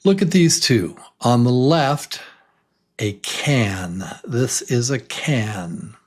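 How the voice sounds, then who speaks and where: A man teaching a beginner English lesson, enthusiastic and repeating words slowly for learners to say along with him. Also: mid-range voice, expressive.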